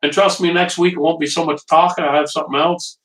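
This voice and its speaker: A man's voice: fairly high pitch, little pitch movement, fast, fairly bright tone. A man hosting a live home cooking stream, rambling and joking with viewers while he waits on his stove. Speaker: home cooking show host. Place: kitchen at a small portable stove. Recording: distant mic.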